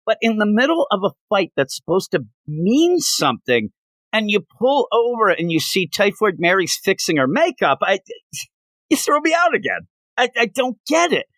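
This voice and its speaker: Animated man recapping comics. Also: high-pitched, moderate pace, no echo. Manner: animated, acts out quotes in funny voices. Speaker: comic book reviewer. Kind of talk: casual review chat.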